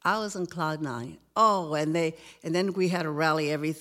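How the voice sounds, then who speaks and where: A woman's voice: sits low, a little fast, fairly bright tone. An older woman telling her church testimony in an earnest, rambling way, her voice lifting when she quotes people. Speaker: guest giving a testimony.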